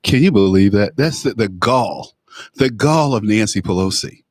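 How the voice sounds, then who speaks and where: A man's voice: fairly low pitch, lively intonation, moderate pace, no room sound. A man hosting a call-in talk radio show, blunt and mocking, often stumbling and repeating words.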